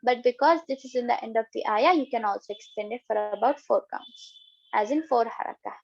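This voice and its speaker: A patient woman with a fairly high voice guides a recitation lesson, saying each example slowly two or three times. The recording sounds dull and lo-fi. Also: gravelly, darkish tone, slightly rough. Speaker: Quran recitation teacher.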